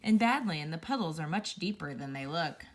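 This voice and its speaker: Lively woman reading a children's story. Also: low voice, moderate pace, a little hiss or hum. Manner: expressive, playful storytelling. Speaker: storybook reader. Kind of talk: children's story read-aloud.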